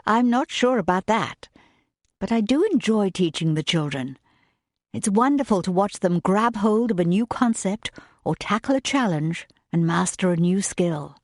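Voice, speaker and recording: A woman's voice: medium pitch, lively intonation, normal speed, dry recording, studio quality, lightly acted. Woman voicing a polite young governess. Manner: polite, gently earnest.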